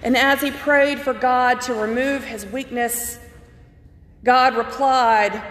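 Woman pastor, fairly high voice, earnest sermon storytelling, echoey church recording with long reverb. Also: steady tone, fairly bright tone. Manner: earnest, personal storytelling with emphatic slowed phrases.

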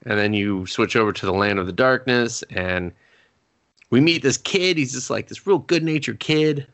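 A man's voice: medium pitch, moderate pace, a bit bright. A man co-hosting a podcast, giving a sarcastic, profane, rambling recap of a show in casual chat. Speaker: podcast co-host.

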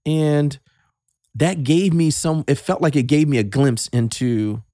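A man in his fifties, a father speaking with emotion in a casual podcast talk, halting and repeating words as he gets choked up. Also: fairly high pitch, warm tone, no echo, studio quality. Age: 50s. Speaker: guest, host's father.

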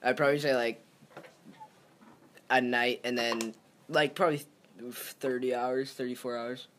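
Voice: medium pitch, fairly even intonation, unhurried, fairly bright tone, a little hiss or hum. A young adult host telling exaggerated stories in casual chat. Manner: exaggerating storyteller.

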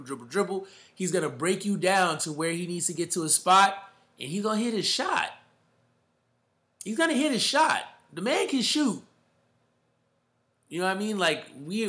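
Bright-voiced man in casual sports talk. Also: on the high side. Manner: emphatic, slangy, calls listeners bro.

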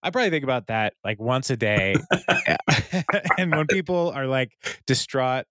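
A man's voice: medium pitch, animated, measured pace, sharp tone, dry recording. Dry-sounding chatty male podcast host. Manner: chatty storytelling, laughing between lines. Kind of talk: casual episode recap chat.

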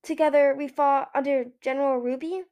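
A man's voice: extremely high pitch, fairly even intonation, moderate pace, darkish tone, pitched above the performer's own voice. A woman reading aloud who voices a confused, eager male dragon veteran who stammers. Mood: stammering.

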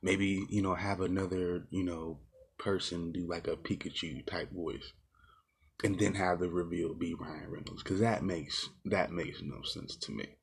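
Husky man ranting about a movie. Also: deep voice, fairly even intonation, measured pace. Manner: ranting, exasperated, swears often; rambling with many fillers and restarts. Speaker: movie reviewer. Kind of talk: casual rant-style movie review.

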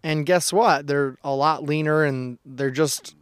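A man with a smooth, clear, slightly higher voice, chatting casually as a gym coach on a podcast. He tells stories in a lively, chatty way and laughs often. The sound is dry and close. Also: unhurried, no room sound. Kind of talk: casual chat, anecdotal storytelling.

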